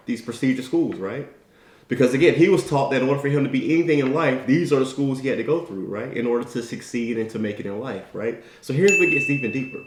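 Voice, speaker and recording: A man's voice: mid-range voice, a little mellow. A man giving an emphatic motivational talk. He tells a story and keeps asking his listeners "right?". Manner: emphatic, tag questions, storytelling. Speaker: motivational speaker. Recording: echoey room.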